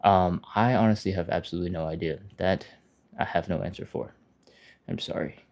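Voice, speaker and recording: A man hosting a live stretching class, explaining each step casually, answering chat and laughing often, sometimes yelping in a high panicky voice to act out fear. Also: fairly quick, darkish tone. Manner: acts out panicky inner voices in a high yelp. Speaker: stretching instructor, live stream host. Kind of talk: live-streamed workout instruction, reading chat.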